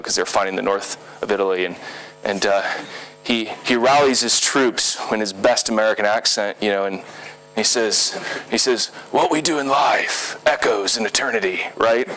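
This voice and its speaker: A man's voice: mid-range voice, fairly bright tone, rough recording. A man giving a live talk at a design conference, speaking conversationally with lots of fillers and checking in with the audience. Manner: conversational, many fillers and "okay?" tag questions.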